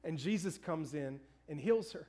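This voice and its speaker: A man in his thirties preaching a sermon, telling a funny story about himself in an animated way. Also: on the high side, moderate pace. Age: 30s. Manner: storytelling, animated, self-mocking. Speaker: pastor.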